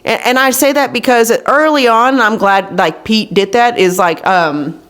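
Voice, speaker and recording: A woman's voice: a little high, measured pace, a bit bright. A woman in her thirties hosting a podcast, telling candid stories in casual chat and acting out the people she quotes. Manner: candid storytelling, acts out quotes. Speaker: podcast host.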